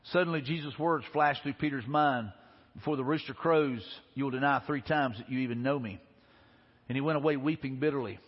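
A man's voice: mid-range voice, a little fast. A male pastor giving an earnest, conversational sermon with repeated phrases, speaking to a congregation. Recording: dull, echoey hall recording.

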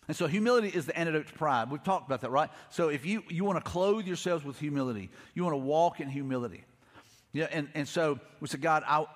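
Middle-aged preacher, rapid storyteller with a slightly high voice, recorded live with long hall reverb. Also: male voice, fairly bright tone. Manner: storytelling, acts out quotes, frequent repeats. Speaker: pastor. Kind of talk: conversational sermon.

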